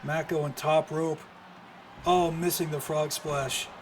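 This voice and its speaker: A man with a slightly higher voice calls a wrestling match move by move. He is excitable and keeps breaking into exclamations, with a faint hiss behind him. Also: slow pace. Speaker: streamer commentator. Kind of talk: live wrestling play-by-play commentary.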